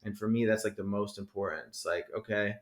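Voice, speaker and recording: A man's voice: fairly low pitch, fairly even intonation, fairly quick. A man from New Jersey talking as a podcast guest, rambling and profane, packing his talk with "you know". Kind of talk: casual interview chat. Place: podcast studio. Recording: roomy echo.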